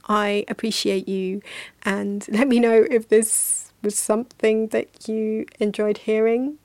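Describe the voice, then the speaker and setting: Gravelly-voiced woman around forty, chatty. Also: mid-range voice, fairly even intonation, a little slow, no room sound. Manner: warm, rambling, affectionate, with many fillers. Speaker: podcast host and yoga teacher. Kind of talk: casual podcast sign-off.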